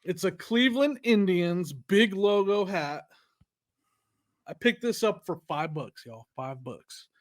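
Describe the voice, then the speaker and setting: A man's voice: high voice, animated, takes it slowly. A man co-hosting a casual podcast, joking around and laughing at his own jokes. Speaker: podcast co-host.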